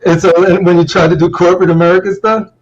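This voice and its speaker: A man from New Jersey with a faint New Jersey accent, chatting easily and slowing down at times on a video call. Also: high voice, level tone, slight background noise. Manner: easygoing, measured, slows down at times. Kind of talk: casual group video chat. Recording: slightly dull call audio.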